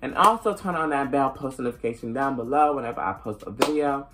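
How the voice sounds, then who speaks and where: A young adult woman vlogging a casual storytime, animated and profane, acting out the dialogue. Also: a bass voice, quick pace, noisy background.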